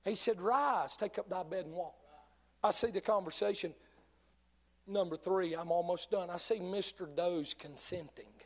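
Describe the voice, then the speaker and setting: A man's voice: high voice, normal speed. A man preaching a sermon with passion, quoting King James scripture. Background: soft music.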